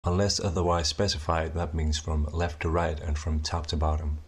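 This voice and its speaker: A young man narrating a scripted explanation of his invented writing system, measured and methodical, slowing down to sound out each example. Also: extremely low pitch, level tone, slightly rough. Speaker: conlang creator presenting his language.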